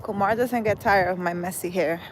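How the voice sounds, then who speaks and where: A woman hosts a casual livestream while walking outdoors in a park, chatting with her viewers and answering their comments. She sounds worn out but relaxed, and her voice sits at a medium pitch. Heavy wind roars across the phone mic. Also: normal speed. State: tired. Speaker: livestream host. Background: loud wind noise.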